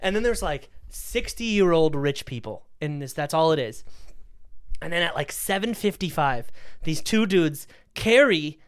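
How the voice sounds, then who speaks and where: Animated young man telling a story. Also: fairly high pitch, a little slow, clear, resonant tone. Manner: animated storyteller, laughs often, acts out quotes. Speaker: podcast co-host, stand-up comedian. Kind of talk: casual chat, storytelling.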